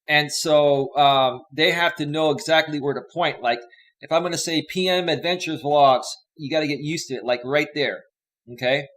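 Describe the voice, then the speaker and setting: This host's slightly high, fairly bright voice keeps a moderate pace and fairly even intonation. Originally from Northern California, he chats upbeat and rambling with live-stream viewers, reading their comments aloud at a desk mic in front of his home green screen.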